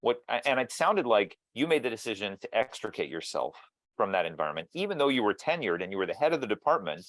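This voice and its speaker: A man's voice: fairly low pitch, very animated, fast talker, a bit bright, no echo. A man interviewing guests over a video call, thoughtful and musing, with frequent restarts. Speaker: interviewer and mediator.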